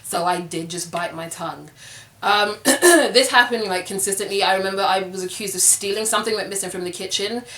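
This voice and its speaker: A woman's voice: mid-range voice, fairly quick, a bit bright, echoey room. A young woman vlogging, telling a personal story to camera in a candid, conversational way, with plenty of filler words.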